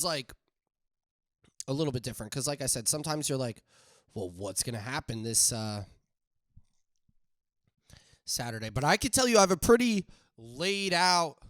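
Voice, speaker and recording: A young man hosting a casual solo podcast, rambling and joking with sudden loud outbursts. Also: mid-range voice, dry recording, clean studio sound. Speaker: podcast host.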